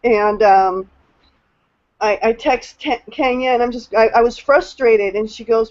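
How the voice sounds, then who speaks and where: Emotional woman rambling thru her story on a video call, lots of ums, kinda high voice, muffled lo-fi sound. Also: measured pace. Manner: rambling, with many fillers and restarts. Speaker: new team member sharing her experience. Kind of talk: casual testimonial on a video call.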